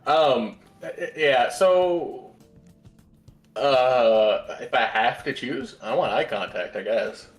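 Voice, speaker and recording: A man's voice: medium pitch, takes it slowly, faint music behind. A man talking as a podcast guest in casual chat, explaining things patiently with hesitant fillers.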